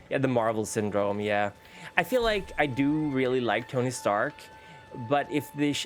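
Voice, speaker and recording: A man with a Swedish accent, a native Swedish speaker, chatting casually while streaming a game, rambling and restarting his sentences. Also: medium pitch. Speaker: VTuber streamer. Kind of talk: casual gaming stream commentary. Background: faint background music.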